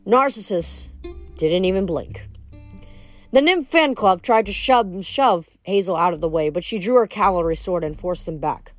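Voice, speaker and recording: A woman reading a novel aloud in a steady, expressive voice. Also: lowish voice, moderate pace, dry recording, faint music behind. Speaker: audiobook reader.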